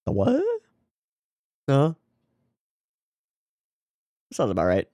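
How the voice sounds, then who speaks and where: A man's voice: medium pitch, wildly swooping pitch, slow, dark tone, dry recording, studio quality. A man hosting an anime reaction video. He swears freely, laughs often, and talks back at the characters on screen. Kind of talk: casual reaction commentary.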